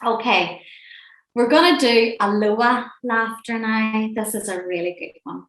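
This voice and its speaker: A woman leading a laughter and breathing class, gentle, playful and encouraging, speaking from a room on a video call. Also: fairly high pitch, a little slow. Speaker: laughter and relaxation session leader. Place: indoor room at home, seated near a screen. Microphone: webcam or laptop mic on a video call. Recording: roomy echoey room sound.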